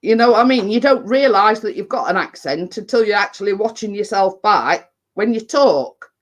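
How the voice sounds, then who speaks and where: A woman's voice: medium pitch, lively intonation, moderate pace. A woman with an English accent chatting on a live stream as a baking vlogger, blunt and rambling, full of fillers and "you know what I mean". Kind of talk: casual live-stream chat.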